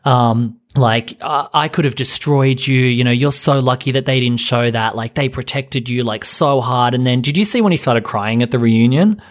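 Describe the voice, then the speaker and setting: A man's voice: mid-range voice, normal speed, few pauses. A man hosting a podcast, chatting casually in a rambling, profane way while retelling scenes. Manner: rambling, profane, animated retelling with quoted voices. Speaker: podcast host. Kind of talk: casual chat.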